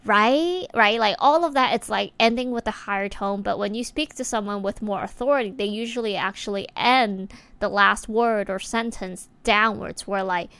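Smooth-voiced woman chatting reflectively. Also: medium pitch, normal speed, few pauses, a bit bright, no echo. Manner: reflective, chatty, many filler words. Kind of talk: casual talking-to-camera monologue.

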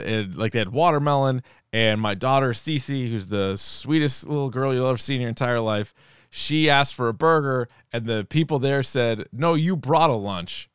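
A man in his thirties co-hosting a podcast, telling an animated, profane story in casual chat. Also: mid-range voice, clear, resonant tone, no room sound, studio quality. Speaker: podcast co-host.

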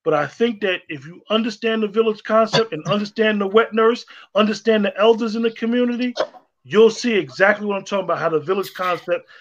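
A man's voice: high-pitched, a little fast. A man co-hosting a casual online discussion, talking emphatically and repeating himself for stress. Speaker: co-host. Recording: dull lo-fi sound.

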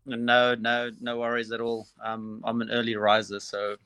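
A man's voice: medium pitch, monotone, normal speed, bright, forceful tone, smooth, no room sound. A man with a South African accent, an assistant cricket coach chatting casually with many fillers in a phone interview. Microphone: phone line.

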